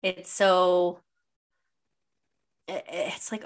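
A middle-aged woman co-hosting a casual podcast chat, an animated storyteller who swears freely and acts out quotes. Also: mid-range voice, a little slow, long pauses. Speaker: podcast co-host.

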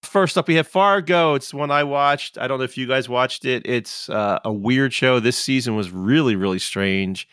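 A man's voice: mid-range voice, moderate pace, hardly any pauses, fairly bright tone, smooth, dry recording, studio quality. A man co-hosting a gaming podcast in casual, joking chat, rambling with many restarts. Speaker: podcast co-host.

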